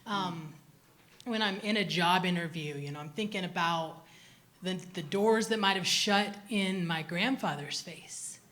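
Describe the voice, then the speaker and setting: A woman's voice: on the low side, measured pace, fairly bright tone. A woman speaking candidly on a live panel, emotional at times and full of casual fillers. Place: live event at a university.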